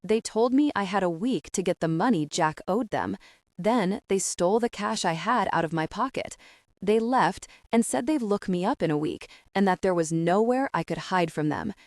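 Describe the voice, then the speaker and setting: A woman's voice: mid-range voice, lively intonation, darkish tone, no echo, clean studio sound, lightly acted. A woman voicing a frightened, desperate young woman. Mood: tearful. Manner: pleading, rushed and anxious.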